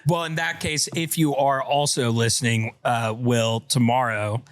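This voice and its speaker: A man's voice: medium pitch, fairly even intonation, a little slow, dry recording. A man hosting a casual podcast, chatting playfully and reading listener messages aloud. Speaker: podcast host.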